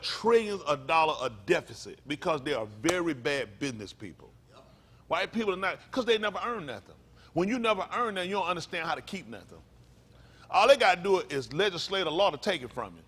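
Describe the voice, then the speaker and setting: A fiery man preaching to his congregation in a high, lively voice that leaps all over its range. He talks in loose slang, drops to low mutters, then bursts out loud and fires rhetorical questions at the crowd. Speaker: pastor. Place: congregation meeting room.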